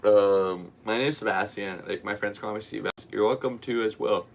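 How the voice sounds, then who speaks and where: A man's voice: fairly low pitch, moderate pace, creaky, few pauses, a little hiss or hum. A young man hosting a solo podcast, worn out and yawning, rambling in a loose, goofy way. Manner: rambling and tired, with goofy voices and playful yelps. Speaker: podcast host.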